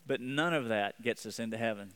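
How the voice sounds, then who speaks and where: A man's voice: medium pitch, fairly quick, fairly bright tone, clear, resonant tone. A man preaching a sermon as pastor, earnest, often repeating and restarting his phrases.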